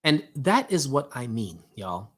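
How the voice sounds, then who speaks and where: A man's voice: medium pitch, sing-song, measured pace, fairly bright tone, husky. A man hosting a casual motivational talk, speaking preachily, firing rhetorical questions and addressing listeners directly. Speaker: host.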